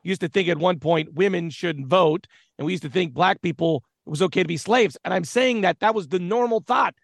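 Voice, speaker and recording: A man's voice: sits high, a little fast, vocal fry, no echo, studio quality. A man co-hosting a casual talk show about faith, speaking in an earnest, reflective way. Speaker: podcast co-host.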